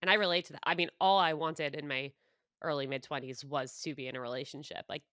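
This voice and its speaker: Low-voiced, chatty woman podcast host. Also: fairly even intonation, fast talker, no echo, clean studio sound. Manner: warm, chatty, filler-heavy. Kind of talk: conversational interview.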